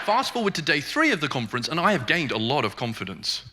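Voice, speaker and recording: A man doing a stand-up comedy set on stage, telling an animated story and slipping into mock Danish phrases. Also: fairly high pitch, fast, heavy background noise. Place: comedy club stage with live audience.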